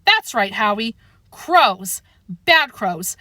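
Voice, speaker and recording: A woman's voice: medium pitch, very animated, very slow, sharp tone, no room sound, clean studio sound, heavily acted. A woman voicing a paranoid, theatrical male house cat in an audiobook reading. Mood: insistent. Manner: insistent, theatrical warnings.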